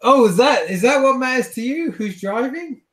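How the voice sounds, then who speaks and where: A man's voice: a little high, unhurried. A man voicing a reckless, flippant male vampire driver who mocks his passengers. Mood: mocking. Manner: mocking, flippant, calls people darling.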